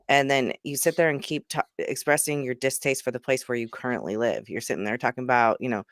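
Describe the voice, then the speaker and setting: A man with a smooth, resonant voice talks casually and earnestly as a co-host. He works through everyday examples and often quotes what other people say. His mid-range voice is recorded dry. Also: mid-range voice, animated, quick pace, few pauses, fairly bright tone, no echo. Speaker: co-host, parent. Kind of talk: casual conversational chat.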